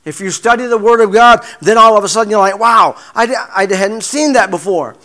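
A man preaching a sermon, halting often with repeated words and fillers, sometimes dropping to a hushed murmur. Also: high-pitched. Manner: drops to a hushed murmur in prayer.

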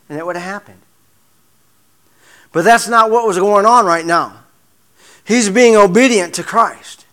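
A man preaching a sermon, halting often with repeated words and fillers, sometimes dropping to a hushed murmur. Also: on the high side. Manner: drops to a hushed murmur in prayer.

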